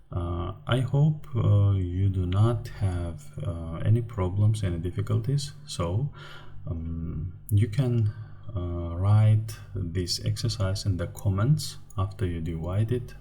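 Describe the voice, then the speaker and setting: A man with a Turkmen accent teaches an online language lesson in English, his first language being Turkmen. His voice is very low and mellow, and he explains step by step at an unhurried pace, pausing often to find his words. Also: gravelly. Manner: slow, careful explaining with frequent hesitations.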